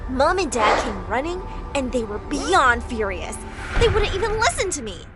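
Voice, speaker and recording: A young woman narrating a dramatic first-person story in an expressive, emotional way. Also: sits high, moderate pace, husky, faint music behind.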